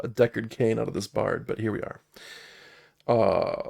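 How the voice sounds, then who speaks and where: Chatty man with a gravelly voice. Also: fairly low pitch, measured pace, a little mellow. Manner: chatty, reads game cards aloud, laughs at himself. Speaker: solo game player and narrator. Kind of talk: casual live-stream play-through.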